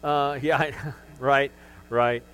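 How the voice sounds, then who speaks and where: A man's voice: medium pitch, fairly even intonation, slow pace, fairly bright tone, smooth, poor audio. A middle-aged male pastor preaching a sermon, telling his personal testimony with emotion and frequent restarts.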